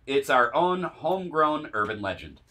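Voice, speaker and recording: Male co-host, middle-pitched, laid-back, reads aloud, jokey asides. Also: very animated, normal speed, pushed and bright. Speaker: podcast co-host. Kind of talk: casual chat.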